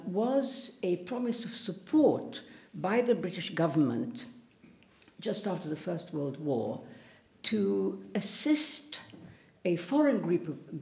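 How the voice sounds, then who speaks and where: A woman's voice: fairly low pitch, vocal fry, a little mellow. A woman from Palestine giving an earnest talk at a public debate, now and then stumbling and restarting a word. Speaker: invited speaker. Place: lecture hall. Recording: roomy hall echo.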